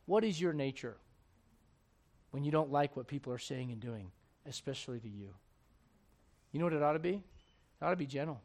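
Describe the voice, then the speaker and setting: A male pastor preaching a sermon, swinging between shouted intensity and hushed, gentle tones. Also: mid-range voice, normal speed.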